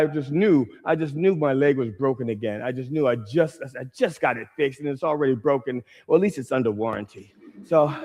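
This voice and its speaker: A male stand-up comedian telling a long story to a crowd, swinging between low asides and loud acted-out lines. His pitch sits in an ordinary middle range for a man. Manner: animated storytelling, acting out shouting quotes.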